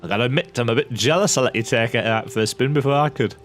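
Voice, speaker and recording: A man's voice: medium pitch, rapid-fire. A man chatting his way through a video game, thinking aloud and reading game text as he plays. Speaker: video game let's-player. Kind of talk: casual gameplay commentary.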